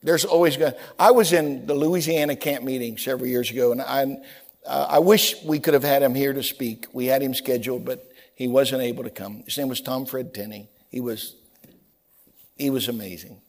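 A man preaching a sermon as a pastor, telling stories in an animated way and often repeating words as he stumbles. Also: mid-range voice, normal speed.

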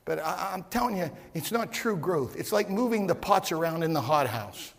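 A man preaching a sermon as pastor, shouting at times and repeating words as he builds. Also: high voice, lively intonation, normal speed, creaky, long reverb tail. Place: church.

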